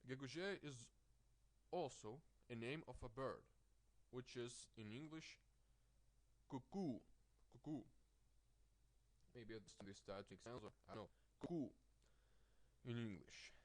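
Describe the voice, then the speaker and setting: Man, slow deliberate pace, mid pitch, repeats words to teach stress. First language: Lithuanian. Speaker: language teacher. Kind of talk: vocabulary lesson.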